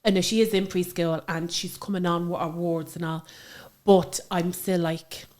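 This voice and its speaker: A chatty Irish mother with a low female voice speaks at a normal pace as a guest in a relaxed interview. Her storytelling is lively and sprinkled with frequent fillers.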